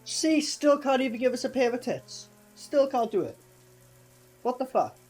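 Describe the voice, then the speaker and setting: A man casually reviewing a film with a co-host, animated and mocking, swearing often. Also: extremely high pitch, moderate pace, faint music behind. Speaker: movie reviewer. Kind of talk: casual movie review chat.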